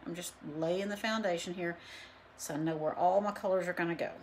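Talking a little fast in a fairly low, mostly even voice, a woman who teaches painting and owns a studio rambles through a live demo with lots of fillers. The room echoes and there's slight background noise.

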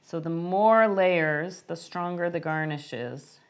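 A middle-aged woman hosting a live-stream baking lesson, chatting warmly and answering viewers' questions as she works. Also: fairly low pitch, takes it slowly. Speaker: baking instructor.

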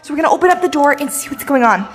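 A young woman vlogging a dramatic skit at home at night, talking excitably with lots of filler words. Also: high-pitched, very fast, noisy background. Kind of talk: scripted skit vlog.

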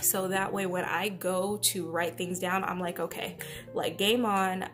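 A woman chatting casually as she unboxes and gushes over a new notebook. She often trails off mid-sentence, keeps her voice hushed at home and sometimes drops almost to a whisper. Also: lowish voice, fairly even intonation, measured pace, music in the background. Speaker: planner vlogger. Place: at home beside a napping baby.

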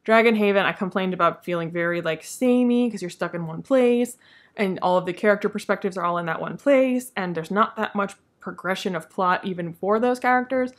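A woman talks casually through the books she read this month. She is opinionated and candid and laughs often. Her tone is relaxed, like an unscripted video diary. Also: medium pitch, brisk. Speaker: book reviewer. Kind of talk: casual monthly reading wrap-up.

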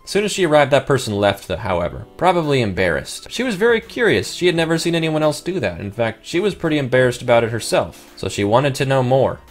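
A man's voice: medium pitch, big pitch swings, quick pace, hardly any pauses, soft background music. A man narrating a comic game story with wry, joking asides.

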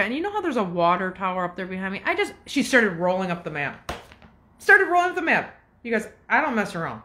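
A woman's voice: medium pitch, very animated, fast, pushed and bright. A woman in her fifties telling a long, agitated story straight to her viewers, swearing and jumping between asides. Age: 50s. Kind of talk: casual rant to camera.

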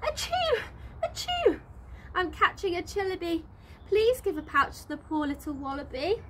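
A woman voicing a small, upset boy wallaby who wails and sneezes in a high, sobbing voice. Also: expressive, moderate pace, fairly bright tone, a little hiss or hum. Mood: whining.

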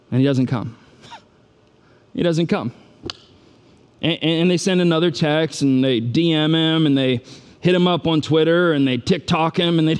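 A man's voice: a little high, normal speed. A man preaching a sermon as a pastor, retelling the story in a casual, joking way and building to urgent, repeated appeals.

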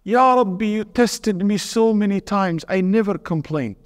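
A man's voice: sits high, a little slow, long reverb tail, voice pushed up. A man voicing an elderly devout grandmother who pleads earnestly and insistently with God in a retold story. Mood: pleading.

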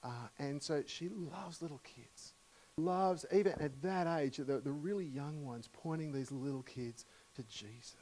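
A middle-aged Australian man preaching a sermon in a church, telling humorous stories warmly with many fillers and restarts. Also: a little high, unhurried, rough recording. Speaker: guest preacher. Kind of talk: storytelling sermon.

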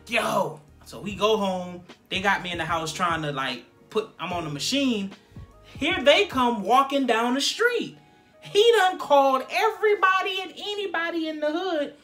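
Bright-toned casual storyteller, animated, voices the quotes, music faint under. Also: mid-range voice. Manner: animated, acts out quotes, many fillers. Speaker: guest on a Q&A vlog.

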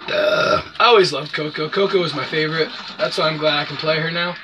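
A gamer giving casual, profane gameplay commentary, yelping and shouting whenever the game goes wrong. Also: medium pitch, fairly even intonation, brisk. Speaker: let's play gamer. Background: game music.

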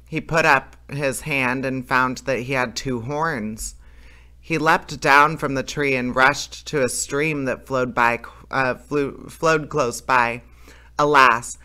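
A man's voice: medium pitch, sharp tone, smooth. A man reading a fairy tale aloud as a storyteller, plain and unpolished, with small slips and self-corrections.

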